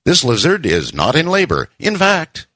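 A man's voice: fairly high pitch, huge pitch swings, moderate pace, bright, forceful tone, breathy edge, no room sound, studio quality, voice pushed up, heavily acted. A man voicing a formal, reassuring male veterinarian. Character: calm, polite male veterinarian.

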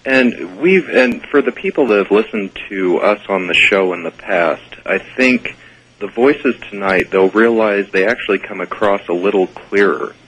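A man's voice: fairly low pitch, moderate pace, fairly bright tone, breathy edge, rough recording. A man guesting on a radio interview as a ghost investigator, explaining in a matter-of-fact way.

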